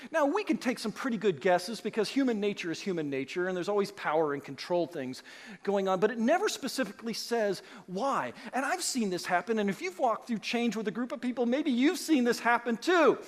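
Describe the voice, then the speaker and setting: A man preaching a sermon as pastor, animated and emphatic, acting out the voices he quotes. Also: high voice. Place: church sanctuary. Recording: long hall reverb.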